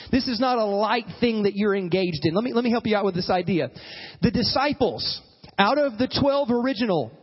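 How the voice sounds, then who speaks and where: A man preaching a sermon as pastor, animated, acting out quoted voices and calling for amens. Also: extremely high pitch, in a large hall, muffled recording.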